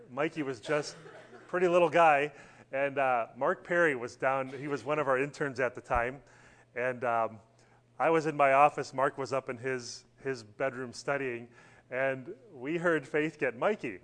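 A man's voice: mid-range voice, a bit bright. A middle-aged man teaching a church Bible study in a conversational way, asking his class questions and using many fillers.

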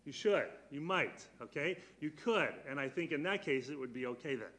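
A man's voice: on the high side, lively intonation, fairly bright tone. Earnest man teaching a Bible class. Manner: earnest, asks the class questions and slows down on key words.

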